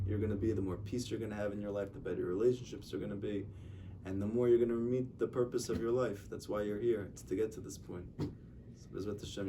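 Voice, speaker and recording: Low-voiced rabbi giving a casual lecture. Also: male voice, mellow. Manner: conversational, tells stories and acts out dialogue. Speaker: rabbi teaching a class. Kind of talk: informal religious lecture. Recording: distant mic with faint noise.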